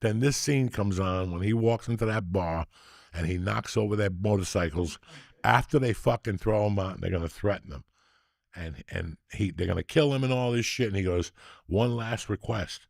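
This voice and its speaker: Gravelly, foul-mouthed storytelling man. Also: fairly low pitch, normal speed, no room sound, studio quality. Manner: profane, animated storytelling. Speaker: podcast host. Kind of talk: casual storytelling chat.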